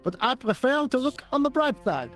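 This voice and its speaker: A bumbling sergeant, high voice. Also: male voice, big pitch swings, brisk, fairly bright tone, soft background music, heavily acted. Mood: earnest. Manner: earnest, fussy, eager to please. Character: eager, bumbling young French police sergeant.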